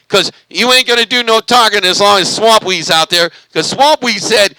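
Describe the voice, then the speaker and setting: A high-pitched, bright and gravelly man whooping and chanting over a CB radio. His voice is recorded dry and close, with a tense, forceful edge. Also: normal speed, few pauses, no room sound, poor audio. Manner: hyped, repetitive, cheerleading chants. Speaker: CB radio vlogger. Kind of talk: excited CB radio banter.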